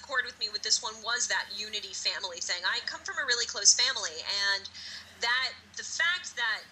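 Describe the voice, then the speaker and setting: Very bright, blunt woman co-host. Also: a little high, a little fast, slight background noise, poor audio. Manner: emphatic, blunt, swears freely. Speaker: podcast co-host. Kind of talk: casual chat.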